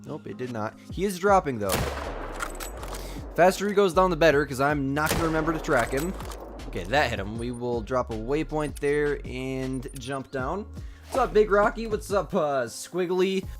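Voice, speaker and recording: A man's voice: fairly high pitch, animated, normal speed, music in the background. A young man chatting casually on a live gaming stream, reading chat and talking through a nagging cough. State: sick with a cough.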